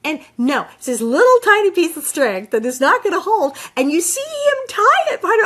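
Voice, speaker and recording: A woman's voice: very high voice, fairly quick, few pauses. A woman co-hosting a podcast, chatting casually and acting out characters' lines as she recaps an episode. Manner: animated, acts out characters' lines in quoted voices. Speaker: podcast co-host.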